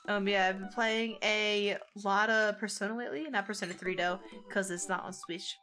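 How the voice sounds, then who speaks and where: A woman's voice: mid-range voice, fairly even intonation, normal speed, few pauses, pushed and bright. A woman casually commenting on a dating game and reading its dialogue aloud, chatty and joking, laughing often. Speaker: gamer playing a dating sim. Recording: music playing behind the voice.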